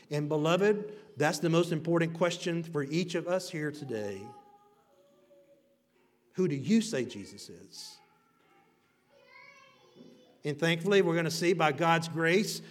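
A male pastor preaching a sermon with emphatic, rising and falling delivery, swinging between loud declarations and hushed lines. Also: fairly high pitch, expressive, a little slow, long pauses. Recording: long reverb of a large hall.

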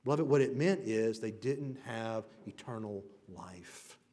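A male pastor preaching a sermon with emphatic, rising and falling delivery, swinging between loud declarations and hushed lines. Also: on the low side, lively intonation, measured pace. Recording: long reverb of a large hall.

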